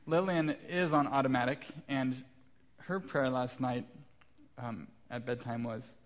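Pastor dad telling a sermon story. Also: male voice, mid-range voice, steady tone, a little slow. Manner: warm storytelling with self-deprecating humor. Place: church sanctuary.

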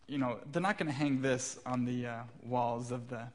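In the church sanctuary, a male pastor in his thirties gives a sermon at a moderate pace in a mid-range voice. He recounts tales of his young kids with a light, self-deprecating touch.

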